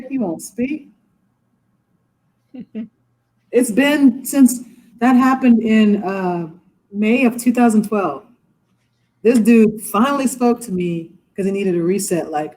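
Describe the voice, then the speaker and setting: Animated woman judge telling stories. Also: medium pitch, a little slow, pauses often, poor audio. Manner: animated, acts out quoted voices. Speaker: judge, interview guest. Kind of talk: casual storytelling in a podcast interview. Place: her courtroom.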